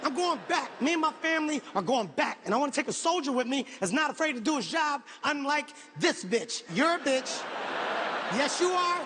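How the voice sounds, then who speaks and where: A man doing stand-up comedy, telling a profane story in an animated, shouting manner. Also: very high-pitched, normal speed. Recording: live show with audience ambience.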